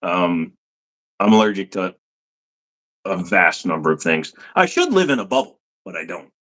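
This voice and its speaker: A man's voice: deep voice, expressive, normal speed, fairly bright tone. Joking man hosting a chatty livestream. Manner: playful, slips into silly put-on accents. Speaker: livestream host answering chat questions. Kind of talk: casual livestream chat. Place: home room at his computer.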